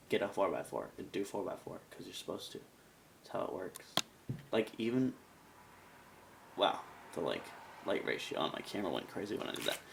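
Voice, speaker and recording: A man's voice: low voice, creaky, noisy background. A man giving a casual product review in a rambling, chatty way with self-mocking asides. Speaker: cube reviewer.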